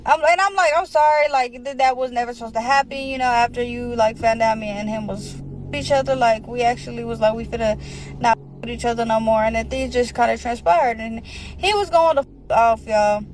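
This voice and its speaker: A woman's voice: a little high, brisk, a little hiss or hum, poor audio. A woman casually telling her own story, rambling, with slang and a lot of filler words.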